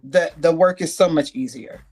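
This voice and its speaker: A woman's voice: deep voice, normal speed, darkish tone, husky, soft background music. A woman guest on a live-stream talk show, speaking earnestly and leading a prayer like a minister. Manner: earnest, preacherly.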